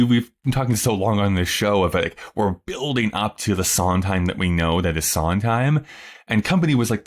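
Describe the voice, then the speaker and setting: A young man hosting a podcast, musing casually with lots of fillers. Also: sits low. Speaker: podcast host.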